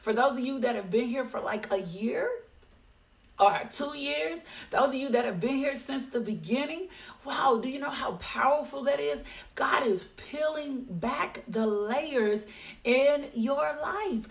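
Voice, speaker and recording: A woman leads a devotional talk that flows into prayer, fervent and encouraging, repeating phrases for emphasis. Her voice sits a touch high. She sounds a little distant from the microphone. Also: animated, unhurried, gravelly. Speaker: devotional leader.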